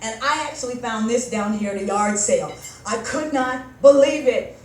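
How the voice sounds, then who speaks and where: High-voiced woman doing stand-up. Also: normal speed, a little mellow. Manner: rambling, self-mocking storytelling with acted dialogue. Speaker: stand-up comic. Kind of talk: stand-up comedy set. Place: comedy club stage before a live audience. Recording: echoey room, mic some distance off, audience noise.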